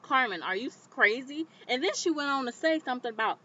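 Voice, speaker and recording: A woman vlogger recapping a TV episode in casual commentary, animated and indignant, talking straight to the viewer. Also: high-pitched, quick pace, slight background noise. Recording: slightly dull lo-fi recording.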